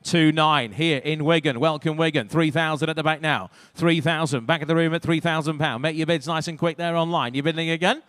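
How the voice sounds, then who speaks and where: A British man working as an auctioneer, calling out bids in a rapid rhythmic patter with dry joking asides. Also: a little high, steady tone, a bit bright, clean tone, dry recording. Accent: British English. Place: auction sale room.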